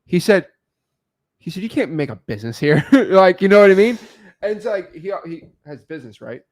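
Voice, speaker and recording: A man with a somewhat high voice talks in animated bursts, jumping up in pitch as he tells stories. He co-hosts a casual chat and reads out viewer questions. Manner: animated storyteller, quick shifts in pitch. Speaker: co-host answering viewer questions.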